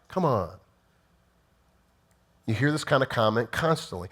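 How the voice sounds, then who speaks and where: A man's voice: mid-range voice, animated, unhurried, pauses often, fairly bright tone, husky. A male pastor delivering a conversational sermon, emphatic and full of rhetorical questions.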